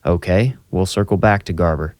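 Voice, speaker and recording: A man's voice: low voice, moderate pace, a little mellow, dry recording, clean studio sound, close to an everyday voice. A man voicing a small-town sheriff's deputy who questions in a matter-of-fact way.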